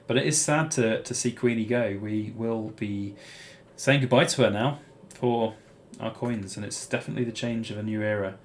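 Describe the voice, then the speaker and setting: A man's voice: lowish voice, steady tone, moderate pace, slight background noise. A British man hosting a casual live-stream Q&A, answering viewers' chat questions in a rambling way with plenty of "um" and "uh". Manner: rambling, many fillers and restarts.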